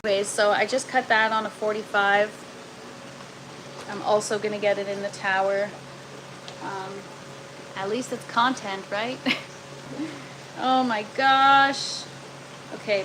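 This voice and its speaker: A woman's voice: mid-range voice, normal speed. A woman chatting casually to viewers on a live stream from her indoor grow tent, groaning and exasperated. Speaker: gardening livestreamer. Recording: noticeable steady background noise.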